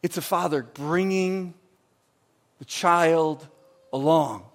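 A man preaching a sermon in a church, emphatic, moving between loud bursts and hushed stretches. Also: fairly high pitch, slow. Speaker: pastor.

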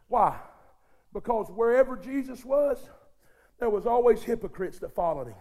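A male preacher with a strikingly high voice delivers a sermon. He goes from near-whispered intimacy up to shouted fervor and keeps calling on the congregation to respond. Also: expressive, moderate pace. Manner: addresses the congregation directly, calls for responses.

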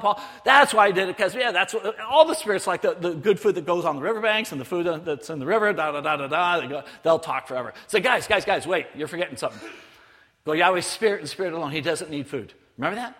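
A man giving a missionary sermon as a lively story, acting out other people's voices. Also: high voice, quick pace. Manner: animated, acts out voices of others. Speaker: missionary speaker. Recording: long hall reverb.

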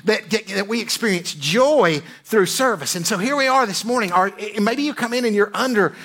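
A man preaching a sermon as a pastor. He speaks earnestly, keeps asking "right?", and lets his phrases sink low at the ends. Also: animated, moderate pace, a bit bright.

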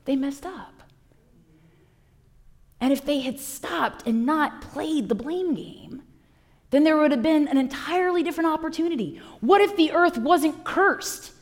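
Woman preaching with animated storytelling. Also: high-pitched, measured pace. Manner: animated storytelling, acting out voices. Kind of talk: sermon.

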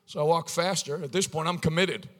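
A man's voice: fairly high pitch, brisk, fairly bright tone, long reverb tail, slight background noise. A male preacher telling a humorous story in his sermon, in a wry, conversational way.

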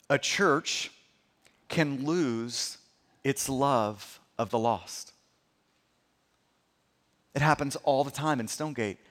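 A man with a high voice delivers a sermon from the pulpit. He speaks earnestly and often doubles words when stressing a point. Long reverb from the church hall trails each phrase. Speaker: pastor.

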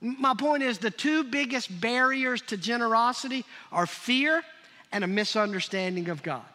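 A man's voice: extremely high pitch, lively intonation, normal speed, sharp tone. A man preaching a sermon as pastor, emphatic and prodding his congregation to call out answers. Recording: long reverb of a large hall.

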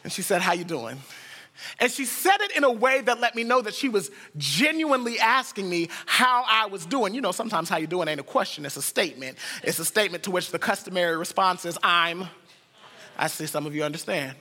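A man from the United States preaching, his voice high and bright, ringing out with a long hall reverb. He tells stories and moves from hushed lines to excited bursts. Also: fairly quick. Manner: storytelling, swings from hushed to excited. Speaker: pastor. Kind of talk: sermon.

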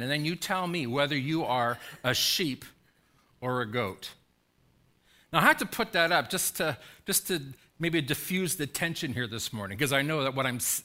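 A male pastor preaches with a bright, forceful voice that swings widely in pitch. He presses his congregation with urgent, repeated questions and pleas, his voice sitting a touch high for a man. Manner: urgent, pleading preaching with emphatic repetition. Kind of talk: sermon.

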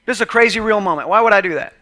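High, bright-voiced man preaching. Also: very fast. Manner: impassioned preaching, swinging between loud calls and quiet asides. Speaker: pastor. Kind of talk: sermon.

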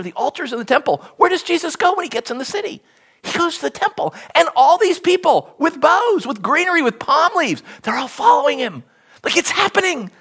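Lively, husky-voiced preacher. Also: high-pitched, moderate pace. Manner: animated storytelling with sudden hushed asides. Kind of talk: sermon.

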